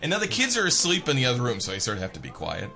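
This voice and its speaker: A man's voice: medium pitch, very fast, vocal fry. A man in his thirties, a radio host, telling a funny story with lots of laughter. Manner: animated, laughing as he tells. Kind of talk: comic storytelling.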